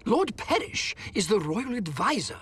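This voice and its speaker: A man's voice: sits high, big pitch swings, unhurried, a bit bright, husky, pitched above the performer's own voice, heavily acted. A man voicing a flustered, kindly old male wizard with fussy, old-fashioned exclamations in a storybook game. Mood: explaining.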